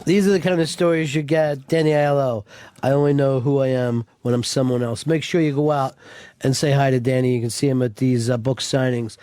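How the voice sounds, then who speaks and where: A man's voice: medium pitch, steady tone, fairly quick, dark tone, no echo. A man hosting an interview, closing with an upbeat announcement. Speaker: host. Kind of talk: promotional sign-off.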